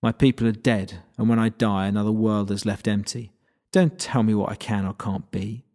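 A grumpy unicorn stallion past his prime, as a male narrator puts him on, talking low and sullen. The voice broods over old grievances. It is a storybook figure read aloud. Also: fairly even intonation, normal speed, mellow, close to an everyday voice. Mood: bitter. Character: grumpy aging male unicorn, bitter and proud.

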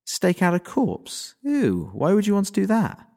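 A stubborn, impulsive teenage girl with a voice pushed well up into a high, breathless register, as a male narrator puts her on. She blurts her words out in quick exclamations. Her tone stays lively and swings from line to line. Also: creaky. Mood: exasperated.

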